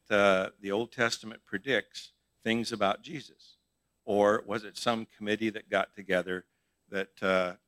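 A man's voice: on the low side, bright, forceful tone, dry recording. A middle-aged male pastor giving a conversational sermon in church, asking his congregation questions as he teaches.

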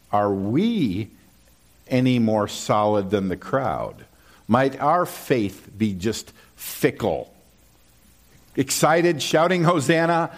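A man preaching from the pulpit in a relaxed, conversational way, pausing to ask his congregation "okay?". His pitch leaps and dips animatedly as he quotes scripture and crowd shouts. He talks at a slow, deliberate pace. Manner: conversational, checks in with "okay?" often; animated, lively pitch swings when quoting. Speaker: pastor. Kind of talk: sermon with slides and scripture reading.

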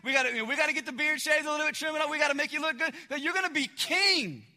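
A man voicing brash, excitable young male disciples, shouting fast and giddy. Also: very high-pitched, in a large hall, exaggerated voice. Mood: indignant.

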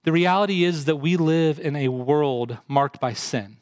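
A man's voice: a little high, a little slow, no room sound. A man preaching a sermon, earnest, putting direct questions to his congregation. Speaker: pastor.

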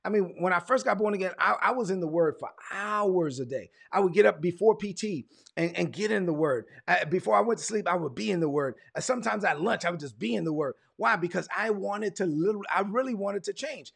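A man preaches with emphatic repetition, leaning on key words by slowing right down. His voice sits high and husky, with a gravelly fry running through it. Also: lively intonation, fairly bright tone. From Brooklyn, United States. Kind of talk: sermon.

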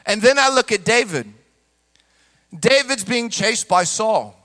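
Male pastor, high bright voice, passionate sermon delivery, echo of a big hall. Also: animated, unhurried. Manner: impassioned preaching, acts out quoted voices.

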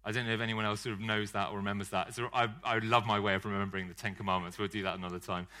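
A man's voice: on the low side, flat delivery, rapid-fire, bright, forceful tone. A man preaching a sermon in a conversational style, joking and poking fun at himself. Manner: conversational, joking, self-deprecating.

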